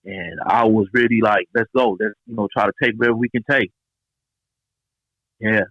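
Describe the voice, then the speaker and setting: Acting out quotes as he goes, a forties-aged Angeleno shares street stories as a guest in an easygoing interview. His pitch is fairly low and his pace moderate; the audio is dry, with the highs cut off.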